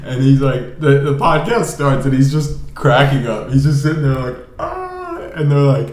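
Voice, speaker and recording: A man's voice: mid-range voice, normal speed. A young man co-hosting a casual podcast, telling stories with a lot of laughter. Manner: laughing, animated retelling of stories. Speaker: co-host. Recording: echoey room.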